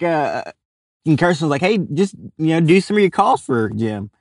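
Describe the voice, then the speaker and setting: A man's voice: on the high side, moderate pace, dry recording. Young guy from spinning a yarn, laughs a lot, does everybody's voices, dry close sound. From Louisiana. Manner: animated storyteller, acts out quoted voices, laughs often. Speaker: guest, animal caller. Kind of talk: casual storytelling in an interview.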